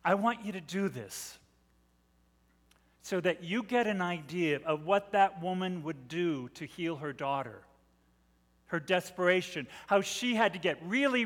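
A middle-aged man preaching a sermon, telling the story dramatically and swelling from hushed to loud. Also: high voice, a little slow. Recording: long reverb of a large hall.

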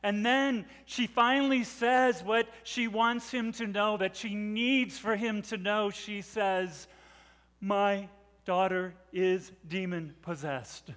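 Middle aged guy preaching, dramatic storyteller, goes quiet then loud, big echoey hall sound. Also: high voice, steady tone, takes it slowly, few pauses. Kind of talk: sermon. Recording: long reverb of a large hall.

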